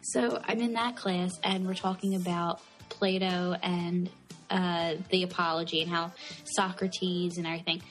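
A woman in her twenties co-hosting a casual podcast, telling animated stories full of "like". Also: on the low side, measured pace, soft background music, rough recording. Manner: animated storyteller, heavy use of "like". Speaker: podcast co-host.

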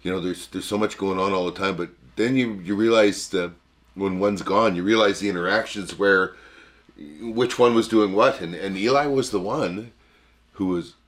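An older man co-hosting a casual podcast, talking in a folksy, halting way with many restarts. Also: sits low. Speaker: podcast co-host. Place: cabin.

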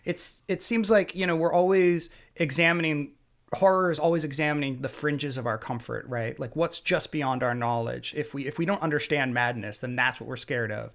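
A man's voice: on the high side, moderate pace, creaky, a bit bright. A man hosting a casual conversation, talking in a thoughtful, rambling way.

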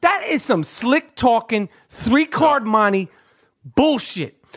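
A man's voice: very high voice, expressive, slow pace, fairly bright tone. A middle-aged man, ranting heatedly and swearing often, stumbling over repeated words as he talks on a podcast. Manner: fired-up, profane, repeats words when searching. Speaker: podcast co-host. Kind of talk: heated casual rant.

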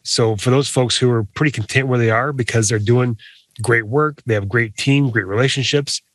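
Measured, thoughtful male co-host. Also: mid-range voice, fairly bright tone, dry recording. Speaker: podcast co-host. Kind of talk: casual podcast chat.

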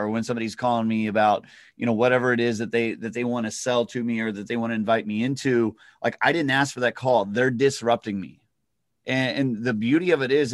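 A real estate agent talks in a loose, easygoing way, circling back through fillers and restarts as he makes his point. His voice sits at an ordinary middle pitch for a man. The recording is dry, with no room sound. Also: dry recording. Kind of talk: casual podcast chat.

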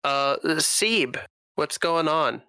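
A man narrates the scene as game master, taking his time and pausing on fillers. His voice is bright and smooth. The recording is close and dry. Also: on the high side, animated, dry recording, poor audio. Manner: halting, filler-heavy narration.

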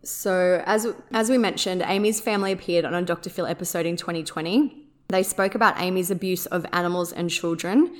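Woman, podcast host, lower voice, conversational, wry. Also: fairly quick. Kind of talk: true-crime podcast narration.

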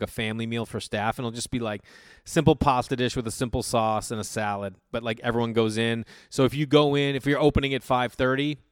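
A man hosting his own podcast tells work stories alone in a casual, rambling way, swearing and restarting often with plenty of fillers. His voice is medium-pitched and smooth, recorded with studio quality and no room sound.

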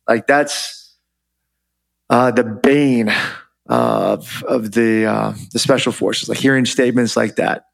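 Man, middle pitch, chatty, relaxed, filler words, interview guest. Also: measured pace, vocal fry. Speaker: guest, former Army officer. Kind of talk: interview storytelling.

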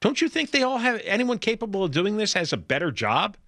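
A man's voice: high voice, sing-song, a little fast, a bit bright, dry recording. A man co-hosting a talk radio show, giving emphatic, exasperated opinions with stammered restarts.

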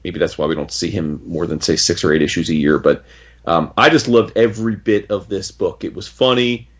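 A man's voice: sits low, steady tone, fairly quick. A man casually reviewing a comic book on a podcast, enthusiastic and rambling, with frequent restarts. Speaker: podcast co-host. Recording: dull lo-fi audio.

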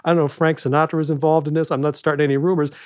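A man's voice: a little high, level tone, rapid-fire, a little mellow, clean tone, dry recording, clean studio sound. A man chatting casually on a podcast, telling rambling anecdotes. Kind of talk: casual chat.

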